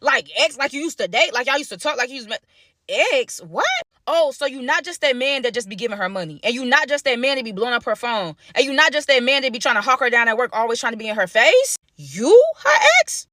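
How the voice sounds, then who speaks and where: A young woman telling a storytime monologue in slangy, animated speech, full of dramatic repeats. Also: a little high, fast talker, no room sound, studio quality.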